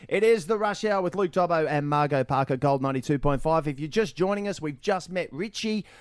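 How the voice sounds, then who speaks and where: A man's voice: a little high, animated, brisk, dry recording, studio quality. A man with an Australian accent, hosting a radio show with jokey, blokey banter and frequent laughs. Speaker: radio host. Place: radio studio.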